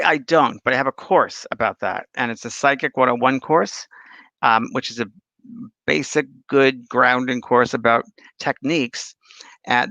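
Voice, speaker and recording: A man's voice: medium pitch, vocal fry, sharp tone, dry recording. A man hosting a casual spiritual talk show, rambling through anecdotes and viewer questions. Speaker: spiritual medium and host. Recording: dull lo-fi dry sound.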